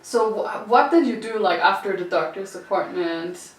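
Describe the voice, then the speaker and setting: A woman's voice: medium pitch, expressive, moderate pace. A woman hosting a podcast, asking her guest curious follow-up questions. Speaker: podcast host. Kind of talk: interviewing a guest. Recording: roomy, distant mic.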